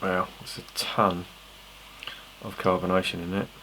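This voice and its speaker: Deep-voiced English man, chatty beer vlogger. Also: completely flat delivery, measured pace, bright, forceful tone, a little hiss or hum. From England. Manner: chatty, swears freely, self-mocking asides. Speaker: beer reviewer. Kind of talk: casual rambling tasting review.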